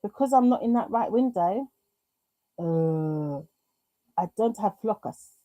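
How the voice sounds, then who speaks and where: On this chatty craft livestream, a British woman reads out viewer comments and narrates her way through technical trouble. She speaks slowly in a medium-pitched, expressive voice. The audio is dry, narrow and tinny.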